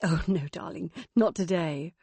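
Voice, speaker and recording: A woman's voice: lowish voice, unhurried, gravelly, darkish tone, slightly rough, no room sound, full character voice. A woman reading an audiobook voices a self-absorbed mother near sixty with a breezy, sing-song manner. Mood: airy. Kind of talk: audiobook character voice.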